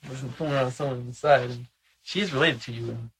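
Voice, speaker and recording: A man's voice: mid-range voice, fast, a little hiss or hum, low-quality recording. A man in casual conversation who asks a lot of curious questions and laughs easily.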